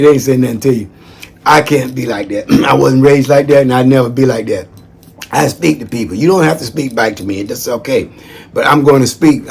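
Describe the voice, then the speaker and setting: A man giving friendly shout-outs in a chatty, folksy monologue that wanders off on tangents. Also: medium pitch, vocal fry, husky. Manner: chatty, folksy, digressive, calls listeners "man". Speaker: former social worker. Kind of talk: casual rambling monologue.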